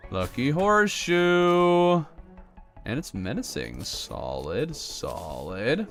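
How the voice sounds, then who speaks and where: An American man livestreaming a game, bantering with his chat in a bouncy, animated voice that swings up and down. His pitch sits in the middle for a man, and soft game music plays underneath. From United States. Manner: joking banter, reading chat aloud. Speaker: streamer. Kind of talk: casual gaming livestream chat.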